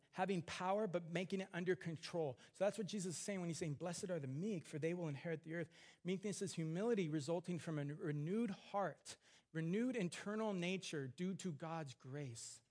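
A man's voice: a little high, moderate pace. Earnest man preaching a sermon. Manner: earnest, swings between hushed tender lines and rising emphatic questions. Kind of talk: sermon teaching on scripture.

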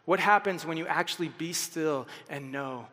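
A pastor delivering a passionate sermon. His fairly high male voice rises into loud exhortation and then drops to near silence, and it rings with a long reverb as in a large hall. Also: normal speed. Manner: passionate, swings from loud exhortation to hushed quotes.

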